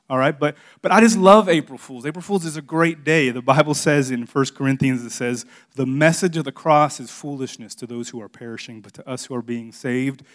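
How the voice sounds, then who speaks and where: A middle-aged man preaching a sermon, telling a funny story about himself in a joking, confessional way. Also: a little high. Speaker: pastor.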